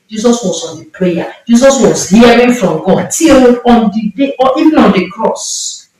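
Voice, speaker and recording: A woman's voice: mid-range voice, a little mellow. A woman with a Nigerian accent preaching a sermon with impassioned, emphatic delivery and repeated phrases. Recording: echoey room, mic far off.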